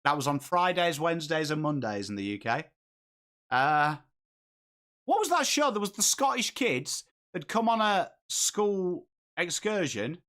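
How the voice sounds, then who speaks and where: A man's voice: a little high, expressive, measured pace, a bit bright. English guy live streaming footy, chatting to viewers in the comments, casual and rambling. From England. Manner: chatty, reads and answers viewer comments while calling the play. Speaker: host of a live footy watchalong.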